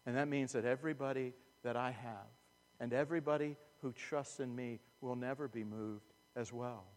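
A man preaching a sermon as a pastor, earnest and emphatic, dropping to hushed asides. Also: medium pitch, normal speed. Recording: long reverb of a large hall.

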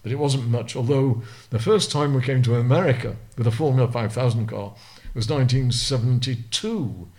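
A man's voice: medium pitch, normal speed, a little mellow. A man in his eighties from Lancashire with a Lancashire accent, a retired racing driver recounting vivid anecdotes as an interview guest. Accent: Lancashire English. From Lancashire, England. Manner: vivid storyteller, acts out the people he quotes. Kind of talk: anecdotal storytelling.

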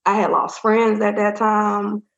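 A woman's voice: mid-range voice, monotone, a little slow, gravelly, fairly bright tone. A woman in an interview, speaking candidly and rambling through a personal story with lots of fillers. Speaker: interview guest. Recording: roomy, dull-sounding audio.

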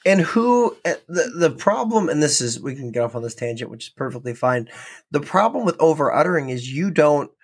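A man from North Dakota co-hosting a casual podcast chat, talking in an animated way with lots of restarts and quick laughs. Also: on the high side, husky. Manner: chatty, laughing, stumbling restarts. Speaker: podcast co-host.

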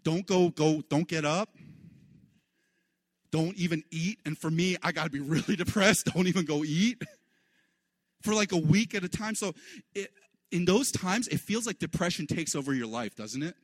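A man preaching a sermon in an animated way, his voice leaping up high for the lines he quotes. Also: moderate pace, pauses often, dry recording. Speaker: pastor.

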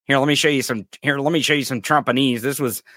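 A man's voice: mid-range voice, steady tone, fast talker, bright, forceful tone, no echo, studio quality. A man hosting a podcast, ranting in angry, profane and sarcastic political commentary. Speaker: podcast host.

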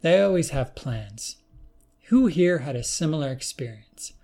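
A man's voice: on the high side, expressive, a little slow, darkish tone. A man reading an audiobook, voicing a friendly, balding older male professor with a genial manner. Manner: genial, hosting.

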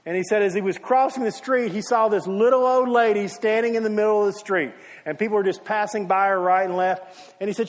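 A male pastor delivering a sermon in a notably high voice. He leans into stories with emphatic, dramatic rises. His voice rings with the long reverb of a large hall. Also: brisk.

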